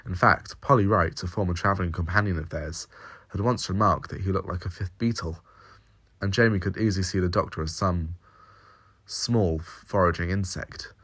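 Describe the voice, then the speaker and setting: A man with a very deep voice reads an audio story aloud. He narrates steadily and descriptively, in a calm storytelling manner. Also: moderate pace. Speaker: reader.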